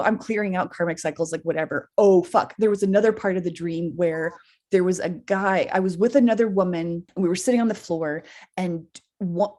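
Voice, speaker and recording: Woman podcast co-host, mid-range voice, casual chat, animated storyteller who laughs and swears. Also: medium pitch. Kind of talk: casual chat, recounting a dream.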